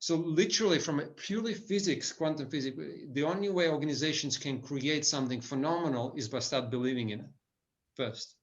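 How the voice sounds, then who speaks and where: A man's voice: on the high side, fairly quick, dull audio. A man giving a lecture to business leaders in an enthusiastic way, often restarting his sentences and adding "right?" tags. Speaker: business speaker.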